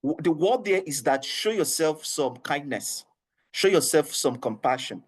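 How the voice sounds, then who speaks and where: A man's voice: a little high, lively intonation, unhurried, breathy edge. A man with a Nigerian English accent, an HR trainer giving an online training session, earnest and coaxing, repeating his points and often laughing.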